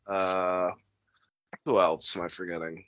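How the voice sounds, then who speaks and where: Bright-toned man, rambling profane podcast banter. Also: sits low, level tone, slow, no room sound. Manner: loose, profane, rambling asides. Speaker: podcast co-host. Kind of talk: casual wrestling chat. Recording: dull lo-fi dry recording.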